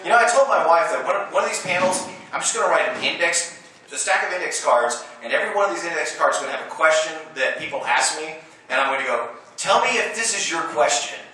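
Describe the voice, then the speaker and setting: A middle-aged man, a voice actor and convention panel guest, telling lively anecdotes with frequent laughter and acted-out quotes. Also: fairly high pitch, quick pace. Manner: animated storyteller, laughs often, quotes others. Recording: roomy hall recording from far off with noise.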